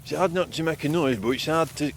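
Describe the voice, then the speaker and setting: An actor playing a nervous man exploring dark woods in a folk horror audio drama, speaking in a hushed, wry way. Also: fairly high pitch, fast talker, lightly acted. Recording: noisy outdoor woodland recording.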